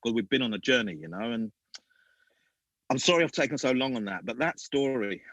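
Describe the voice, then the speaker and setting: A man, a podcast guest and former youth football coach, telling animated stories and acting out other people's voices. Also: mid-range voice, a little fast, dry recording, rough recording. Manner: acts out other people's voices, lively and emphatic. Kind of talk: animated storytelling.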